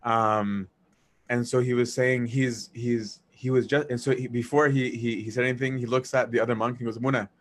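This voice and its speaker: A man casually telling a personal story, animated, acting out dialogue and laughing as he goes. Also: mid-range voice, moderate pace. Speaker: storyteller recounting memories of a monk.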